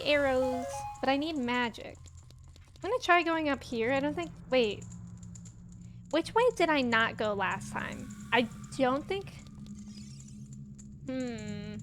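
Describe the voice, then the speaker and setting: A young woman with a Midwestern American accent, chatting casually and giggling with viewers while she streams a game. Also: fairly high pitch. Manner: giggly, rambling, chats with viewers. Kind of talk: casual gameplay livestream chat. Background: game music.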